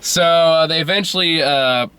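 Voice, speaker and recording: A man's voice: a little high, moderate pace, bright, forceful tone, clear, resonant tone. A young man hosting a casual movie review, rambling, laughing often and swearing freely.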